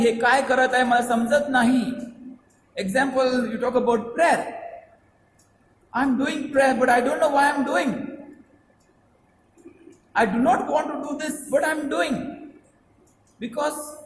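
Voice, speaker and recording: Male priest, very high voice, repetitive emphatic sermon, echoey hall recording. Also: slight background noise. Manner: repetitive, emphatic preaching with Marathi phrases mixed in. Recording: echoey hall with long reverb.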